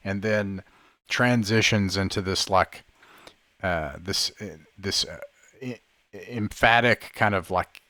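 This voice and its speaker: Slow deep-voiced male game master. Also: pushed and bright, dry recording, studio quality. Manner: halting, descriptive, full of fillers. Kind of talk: narrating a tabletop game. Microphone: online call microphone.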